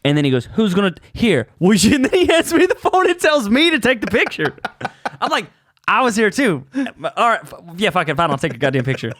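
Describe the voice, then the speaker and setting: A man comedian co-hosting a podcast, telling stories fast and animated, swearing and laughing. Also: high-pitched, no echo, studio quality. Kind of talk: casual chat.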